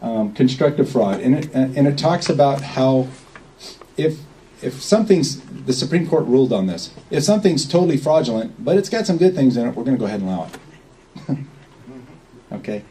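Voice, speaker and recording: A man speaks to a small gathering in a loose, folksy way and keeps asking if everyone follows. His voice is dark and mellow. He sits well back from the microphone. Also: medium pitch, sing-song, moderate pace, far from the mic, a little hiss or hum, low-quality recording. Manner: rambling, folksy, checks in with "okay?". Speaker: speaker at a meeting. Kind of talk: informal talk to a small group.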